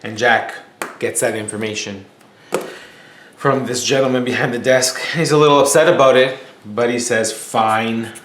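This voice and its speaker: A man with a medium-pitched, fairly bright voice and a moderate pace gives a storytelling lecture as a teacher. He keeps it casual and explanatory with fillers and restarts, and an echoey room carries a faint hum.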